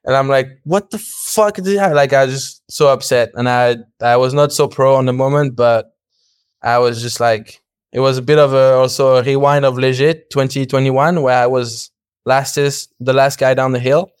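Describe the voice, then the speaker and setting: A young man, a podcast guest, telling a story in casual chat with plenty of energy. He acts out quoted dialogue, laughs often and swears a little. His voice comes across smooth and resonant over a dry, close mic. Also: medium pitch, flat delivery, normal speed, no echo.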